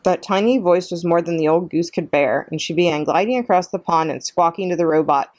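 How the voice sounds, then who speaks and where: A woman librarian reading a children's chapter book aloud as a calm bedtime story. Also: fairly low pitch, brisk, few pauses, no echo.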